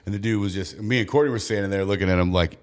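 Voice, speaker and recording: A man's voice: on the low side, rapid-fire. A man hosting a podcast who tells a story in a casual, rambling way, using "like" and "dude" a lot and laughing mid-story. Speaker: podcast host.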